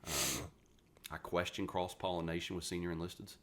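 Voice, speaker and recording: Blunt, deep-voiced man in his forties. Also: moderate pace. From West Virginia, USA. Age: 40s. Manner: blunt, profane, animated storyteller. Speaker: podcast guest, retired Marine. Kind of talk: casual interview storytelling.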